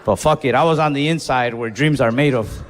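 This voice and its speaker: A young man doing stand-up, telling a story with animated, profane, self-mocking energy on a comedy club stage. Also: mid-range voice, brisk. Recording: live club with reverb and faint noise.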